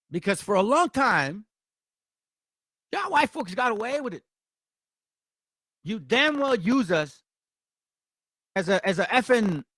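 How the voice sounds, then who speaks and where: Guy in his 40s ranting at viewers, high voice jumping all over, dry close sound. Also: fairly bright tone, no echo. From Mexico. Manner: blunt, confrontational, profane. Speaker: channel host. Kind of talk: impassioned commentary to viewers.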